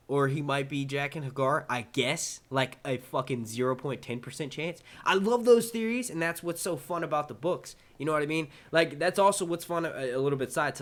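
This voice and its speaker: A man with a New York accent hosting a casual live-stream Q&A, answering chat questions in an excitable, rambling way and swearing casually. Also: fairly high pitch.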